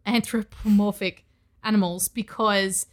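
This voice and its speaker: A woman co-hosting a casual podcast, making wry quick asides. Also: mid-range voice, steady tone. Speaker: podcast co-host. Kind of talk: casual chat.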